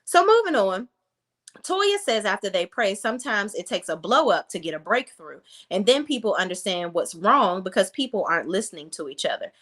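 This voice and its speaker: This woman recaps a reality TV episode in casual commentary. She is blunt and sassy and talks straight to her viewers. Her voice sits at a middle pitch and moves around a lot. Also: very animated, normal speed, a bit bright. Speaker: reality TV review host.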